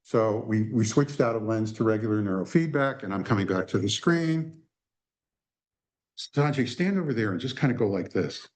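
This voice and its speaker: A man presenting at a conference workshop, telling an anecdote in an animated way and acting out the dialogue. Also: lowish voice, normal speed.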